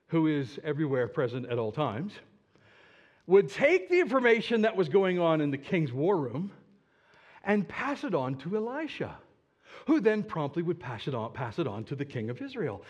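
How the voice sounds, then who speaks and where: A man preaching a sermon as a story, animated and dramatic, with asides to his listeners. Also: fairly high pitch.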